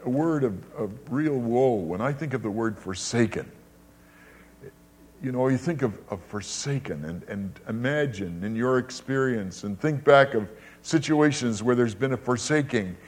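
An older male preacher delivering a sermon in an emphatic, dramatic way. His voice sits in an ordinary middle pitch, but he swings widely between loud, high emphasis and low, hushed phrases, and he often repeats his words for weight. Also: expressive, normal speed, slight background noise.

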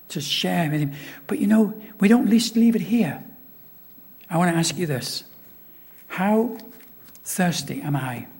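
A man's voice: fairly high pitch, gravelly, slightly rough. A man preaching as a visiting pastor in a church, emphatic and fond of repeated rhetorical questions. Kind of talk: sermon. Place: church sanctuary. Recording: long reverb of a church hall.

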